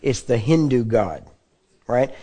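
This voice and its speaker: A man with a Texan accent preaching a folksy, joking sermon, often clearing his throat. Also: medium pitch, animated, slow pace, mellow.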